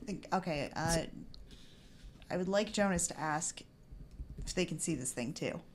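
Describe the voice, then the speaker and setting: A woman playing in a tabletop game, eager and quick to laugh. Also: on the low side, lively intonation, a little hiss or hum. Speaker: player. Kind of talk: casual tabletop play.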